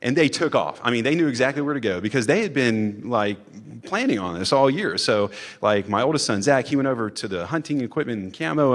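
A man, a father, telling a personal story on stage in a casual, chatty way, full of "like" fillers and acted-out quotes. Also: mid-range voice. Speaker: storyteller, father of three boys.

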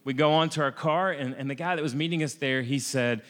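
An American man telling a self-mocking travel anecdote in a lively way, often restarting his sentences. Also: mid-range voice, brisk, long reverb tail. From United States. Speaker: storyteller. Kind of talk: comic personal travel anecdote.

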